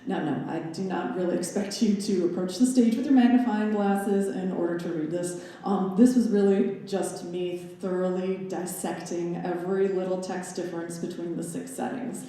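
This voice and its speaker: A young adult woman speaks at normal speed with few pauses, her lowish, dark voice fairly even in intonation. Her graduate lecture recital, a scholarly talk with slide analysis and wry, playful asides, echoes with the roomy reverb of a recital hall.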